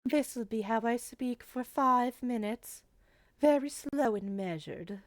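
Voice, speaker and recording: Woman doing slow, measured, vampire-ish fancy lady, a bit higher than her own voice. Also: no room sound, studio quality. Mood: languid.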